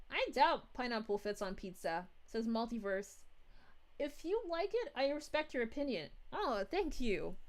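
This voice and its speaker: A woman voicing a bubbly, giggly young princess while reading chat live in character, with drawn-out "ooh"s. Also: high-pitched. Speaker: VTuber streamer.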